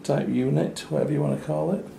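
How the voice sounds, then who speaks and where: A man's voice: fairly high pitch, fairly even intonation, fast talker, gravelly, mellow. Wry man touring a hotel room. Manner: chatty and wry, with dry asides. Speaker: travel reviewer. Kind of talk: casual hotel room walkthrough. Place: small hotel room, indoors. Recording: echoey small room with faint noise.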